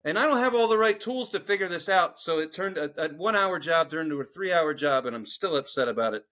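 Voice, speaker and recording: A middle-aged man from Philadelphia rants through a profane story in casual podcast chat. His voice sits high and swings widely in pitch as he talks. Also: expressive, quick pace, bright, forceful tone. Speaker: podcast co-host.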